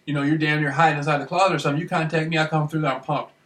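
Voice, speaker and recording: A man talks straight to the camera in a rambling, excited monologue, circling back over the same points and asking again and again if you follow. His voice is bright and forceful. He is well away from the mic, in a room with a strong echo. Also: a little high, racing, recorded from a distance. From Michigan, United States. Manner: excited, repetitive, keeps asking "you know what I mean". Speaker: vlogger. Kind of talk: rambling self-recorded monologue.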